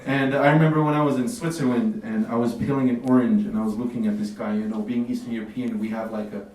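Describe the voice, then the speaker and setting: A man's voice: medium pitch, steady tone, fast, darkish tone. A man doing a stand-up comedy set in a café, talking in a laid-back, swearing way with lots of fillers. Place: café stage with audience. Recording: roomy, distant, noisy room recording.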